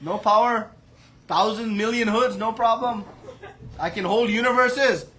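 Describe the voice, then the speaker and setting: A man voicing a boastful, mighty elder brother in a loud, blustering, scolding voice. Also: sits high, unhurried, pitched above the performer's own voice.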